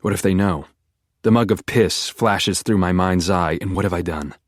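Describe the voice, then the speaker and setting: A man's voice: low-pitched, normal speed, dry recording, clean studio sound. A man reading a first-person audiobook with an intense, obsessive inner monologue. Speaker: audiobook narrator.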